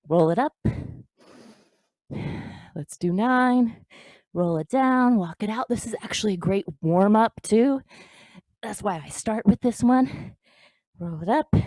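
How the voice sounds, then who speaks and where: A woman's voice: fairly high pitch, a little mellow, dry recording. A woman leading a bodyweight workout as fitness instructor, counting reps aloud and encouraging the viewer.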